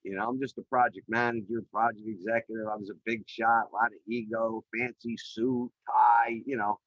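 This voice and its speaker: A middle-aged man tells his story over a video call, energetic and chatty, with his sentences full of "you know." His voice comes through dry and close, with a slightly muffled, narrow sound. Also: fairly low pitch, normal speed, no echo. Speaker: podcast guest, real estate developer. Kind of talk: animated storytelling in an interview. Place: remote call.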